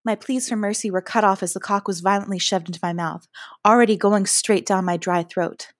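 A woman reading a first-person story aloud in a soft, hushed manner that at times drops to a breathy whisper. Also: medium pitch, steady tone, a little fast, no room sound, studio quality. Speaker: narrator.

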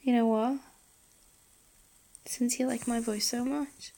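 Woman, Scouse accent, whispered role-play, gravelly fry, fairly high voice, playful and intimate. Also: fairly even intonation, slow, long pauses. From England. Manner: intimate, playful, with frequent soft laughs and murmurs. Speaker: audio role-play performer.

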